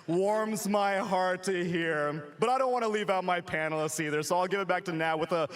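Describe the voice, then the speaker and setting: A man's voice: sits high, normal speed. A man hosting an esports panel, joking with the crowd and leading chants. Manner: jokey, leads chants, shouts to crowd. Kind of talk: live crowd hype.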